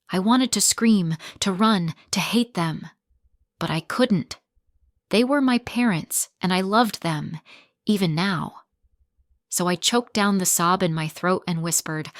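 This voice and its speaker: A woman narrating a first-person family drama story in a steady, dramatic reading style. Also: fairly low pitch, slow pace, no echo, studio quality.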